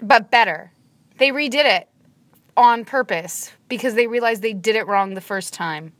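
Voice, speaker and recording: A woman's voice: on the high side, moderate pace, fairly bright tone, no echo. A woman co-hosting a podcast, teasing and arguing her opinions in casual chat. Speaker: podcast co-host.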